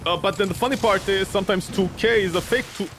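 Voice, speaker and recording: Exasperated rambling man, slightly high voice. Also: fast, fairly bright tone, faint music behind. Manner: rambling, exasperated ranting with swearing. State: weary. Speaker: game streamer. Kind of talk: casual gameplay commentary.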